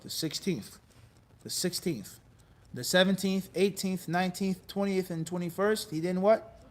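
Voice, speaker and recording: A man teaching Islamic law to a class, animated and quizzing his students again and again. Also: high-pitched, measured pace. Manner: animated, quizzes class with repeated "what?" prompts; acts out quoted people in lively bits. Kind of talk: classroom lecture.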